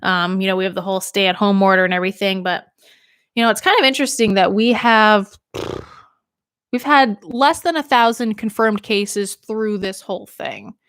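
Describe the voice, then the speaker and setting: A woman's voice: mid-range voice, normal speed, a bit bright, clean tone, no echo, studio quality. A young woman from Maine, a radio DJ, rambling casually on a livestream while a little tipsy from drinking. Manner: chatty and rambling, laughs often.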